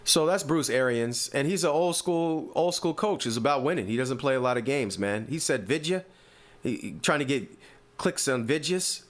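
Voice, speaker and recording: A man with an East Coast American accent hosting a sports podcast, giving opinionated, animated commentary full of rhetorical questions. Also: mid-range voice, moderate pace. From US Northeast.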